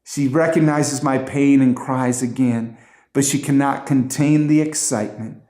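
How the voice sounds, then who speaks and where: A man's voice: mid-range voice, steady tone, measured pace, dark tone. A middle-aged man earnestly telling an emotional family story as a personal testimony. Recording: roomy echo.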